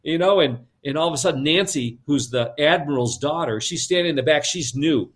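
Animated man retelling a story. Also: a little high, brisk. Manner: lively, repeats words, switches into character voices. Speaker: guest storyteller.

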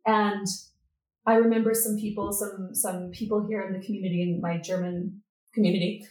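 A middle-aged woman, a guest on a podcast, telling her story and acting out the dialogue with lively energy. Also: mid-range voice, moderate pace, reverberant, poor audio. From Canada. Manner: lively, acts out quoted dialogue. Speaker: podcast guest, business coach. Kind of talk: storytelling interview.

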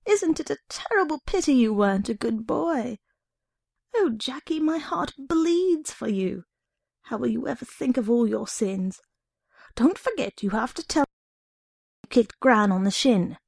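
A woman's voice: fairly high pitch, big pitch swings, moderate pace, gravelly, a little mellow, full character voice. Woman doing a mock-pitying tormenting girl.

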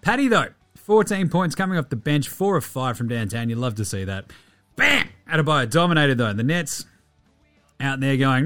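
A man hosting a daily sports podcast, talking fast and loose with swearing as he rattles off stats. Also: mid-range voice, dry recording, soft background music. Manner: energetic, profane, rattling off stats. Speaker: podcast host.

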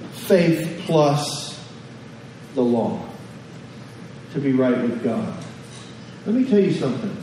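A man's voice: a little high, mellow, a little hiss or hum. A man preaching a sermon as pastor, talking conversationally and putting questions to the congregation. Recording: echoey hall from far off.

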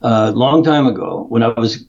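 Guy telling a story on a podcast, lively, kinda muffled lo-fi sound, middle pitch. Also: normal speed, vocal fry, slightly rough. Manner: animated storyteller who acts out quotes. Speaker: guest, nutrition practitioner. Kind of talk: storytelling in an interview. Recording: dull lo-fi remote audio.

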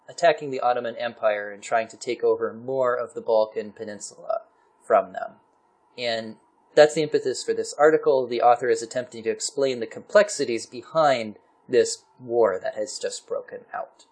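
A man hosting a casual talk, reading a historical article aloud with lively asides and laughs. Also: medium pitch.

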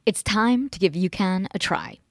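A woman hosting a podcast, asking questions in a clear, upbeat delivery. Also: medium pitch, animated, moderate pace, no echo, clean studio sound. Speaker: podcast host. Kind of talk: interview questions and read sponsor spots.

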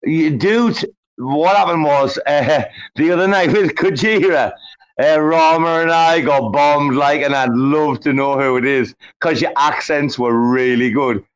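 Man, fairly high voice, swears a lot, teasing banter, muffled lo-fi call audio. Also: a little slow, clean tone. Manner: profane, teasing, repeats names and "mate", "bro", "son". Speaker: speaker in a live audio chat room. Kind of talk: casual banter.

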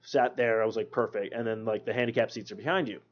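A man's voice: on the low side, steady tone, quick pace. A man telling a rambling, profane story in casual chat, acting out the people he quotes. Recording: muffled lo-fi recording.

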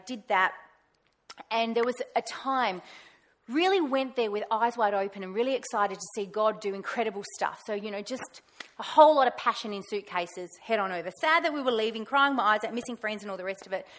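A woman tells a personal faith story from the front. She talks in a lively, animated way and acts out her own past words in a raised voice. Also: mid-range voice. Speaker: pastor's wife sharing testimony. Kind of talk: personal testimony talk.

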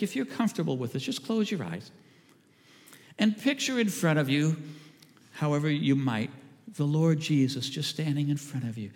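An earnest male pastor delivers a sermon in a fairly high voice, often falling to a hush. His voice rings out with a long reverb through a church sanctuary. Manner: earnest, drops to a hushed voice for quoted lines.

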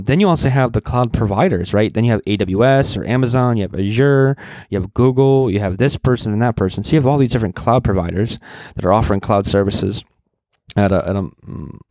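A slightly sick man who advises on networking and careers gives earnest, passionate advice in a casual, rambling talk full of fillers and restarts. His voice is fairly low and a little mellow, with no room sound.

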